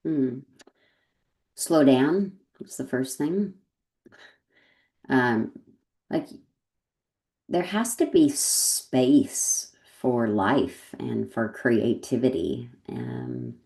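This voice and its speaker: A woman's voice: very deep voice, animated, drawn-out words, vocal fry, pauses often, dark tone. A woman talking as a guest in a thoughtful, reflective way, laughing often and trailing off mid-sentence. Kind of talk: reflective conversation. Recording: roomy echo.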